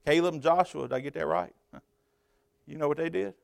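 A man preaching from a church pulpit, swinging between loud, high-pitched emphasis and quieter conversational asides. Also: a little fast, vocal fry, no echo. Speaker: pastor. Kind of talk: sermon.

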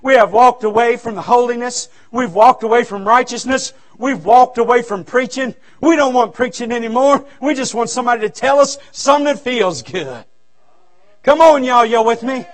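A male revival preacher, his voice pitched very high for a man. He preaches in a fervent, folksy way and breaks into shouts, from a church sanctuary. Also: normal speed. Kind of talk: revival sermon.

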